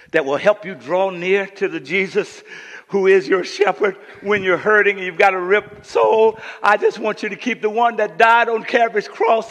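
A man's voice: sits high, a bit bright, big-room sound. A man preaching a sermon as pastor, emphatic, often repeating words as he restarts his sentences. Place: church sanctuary.

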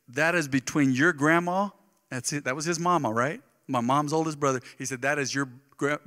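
A middle-aged man preaching a sermon to his congregation, telling stories animatedly and moving between loud bursts and soft, quiet asides. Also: fairly high pitch. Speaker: pastor. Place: church sanctuary. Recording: live church sound with long reverb.

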